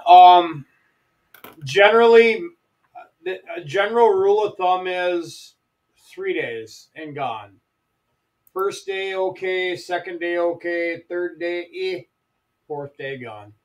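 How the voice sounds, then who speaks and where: A man's voice: a little high, unhurried. A man, a fishing lodge guide chatting casually on a live stream in a plain, matter-of-fact way.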